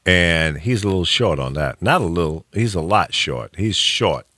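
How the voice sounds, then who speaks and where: A man hosting a radio talk show in casual, opinionated chat, emphatic and quick to laugh. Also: low-pitched, no room sound, clean studio sound. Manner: animated, emphatic, laughs often. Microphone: studio mic.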